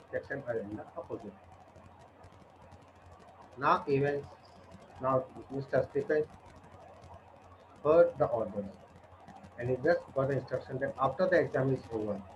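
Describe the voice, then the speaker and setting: A man's voice: mid-range voice, noisy background. A male teacher, retelling a story to students in a conversational way and checking in with them. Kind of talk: storytelling lesson. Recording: dull lo-fi with cooing pigeons. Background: pigeons cooing.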